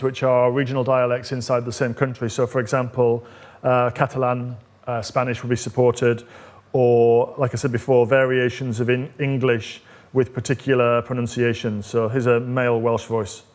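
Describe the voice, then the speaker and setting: Man walking through a live tech demo. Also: mid-range voice. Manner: conversational, explaining step by step with frequent fillers. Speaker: technical evangelist presenting a demo. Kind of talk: live coding demo presentation.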